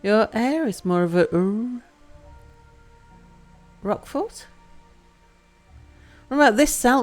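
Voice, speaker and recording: Speaking slowly with long pauses, a woman with a slightly high voice and lively intonation chats casually on a live game stream. She reads out chat messages and plays with the sounds of words as faint music plays behind.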